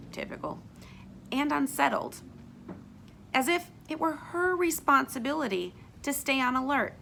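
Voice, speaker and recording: A woman's voice: on the high side, creaky, fairly bright tone, a little hiss or hum. A woman teacher reading a children's book aloud with expression, stopping to ask her young listeners questions.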